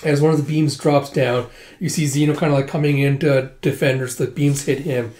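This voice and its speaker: A man casually recapping a comic book, relaxed and loose with fillers. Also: medium pitch, fairly quick. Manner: laid-back, with fillers and laughs. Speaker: comic readthrough host. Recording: roomy echo.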